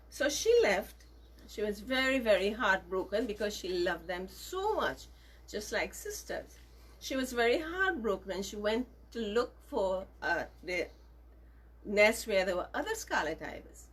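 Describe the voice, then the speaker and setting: A woman telling a story to children, gentle and emphatic, with lots of repetition. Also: mid-range voice, animated, measured pace, breathy edge.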